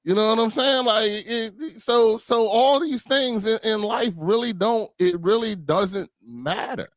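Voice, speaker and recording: A man talking about faith in a casual discussion, animated and full of conviction, often restarting his phrases. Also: high-pitched, measured pace, no echo.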